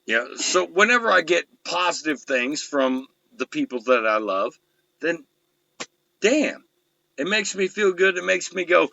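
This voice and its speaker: A man's voice: on the high side, lively intonation, measured pace, gravelly, sharp tone, no echo, low-quality recording. A man hosting a talk show, telling rambling stories in casual chat and swearing constantly. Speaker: show host.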